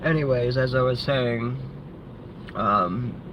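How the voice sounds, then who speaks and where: A man's voice: a little high, expressive, moderate pace, creaky. A man telling a story in an angry, profane vlog rant, rambling and restarting often. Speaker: vlogger. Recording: lo-fi with faint background noise.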